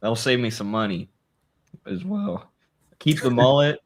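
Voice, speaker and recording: A man co-hosting a podcast, chatting casually and profanely about politics, rambling and quick to laugh. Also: medium pitch, very animated. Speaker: podcast co-host.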